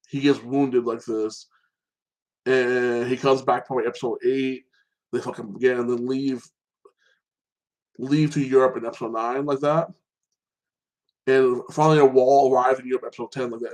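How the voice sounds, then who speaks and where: Man, casual TV recap talk, rambling, mid-pitched voice, loose restarts. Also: poor audio. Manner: rambling, with many restarts and frequent "like this". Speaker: host. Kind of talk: casual chat reviewing TV episodes.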